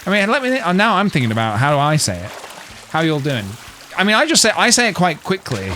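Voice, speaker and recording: A man's voice: high-pitched, huge pitch swings, racing, sharp tone, slight background noise. Chatty English man musing aloud. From England. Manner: musing and chatty, trails off and restarts, laughs to himself. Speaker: live streamer. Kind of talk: casual live-stream chat, reading posts aloud.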